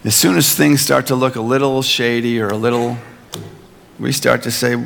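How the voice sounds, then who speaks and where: A male pastor giving a sermon, earnest and emphatic, slowing down on key phrases and slipping in playful asides. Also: mid-range voice, fairly even intonation, creaky, a bit bright, big-room sound.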